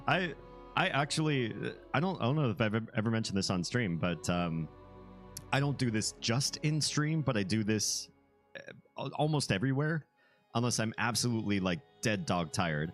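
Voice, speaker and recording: A man with a deep bass voice, chatting casually and rambling on a live stream, chuckling often. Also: lively intonation, moderate pace, faint music behind. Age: young adult to middle-aged, a parent.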